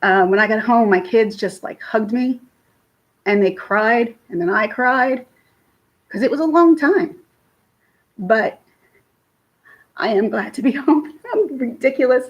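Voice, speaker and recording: A woman's voice: high-pitched, a little slow, pauses often. A woman in her thirties, tearful and emotional, chatting casually with viewers on a live stream. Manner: tearful, emotional, thanking chat by name. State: teary from crying. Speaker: livestream host.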